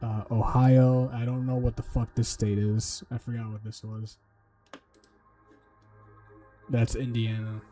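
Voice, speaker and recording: A man's voice: mid-range voice, level tone, moderate pace, mellow, soft background music. A man streaming while he studies, talking to himself casually, swearing and making up silly memory tricks. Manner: muttering to himself, swearing, joking mnemonics. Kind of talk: casual livestream study talk.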